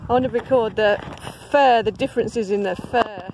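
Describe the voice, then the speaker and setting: A woman vlogging outdoors on a farm, chatty and excitable, cooing at the animals as she films on her phone. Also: a little high, moderate pace, a little hiss or hum, rough recording. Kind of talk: casual vlog narration. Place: outdoor alpaca farm field.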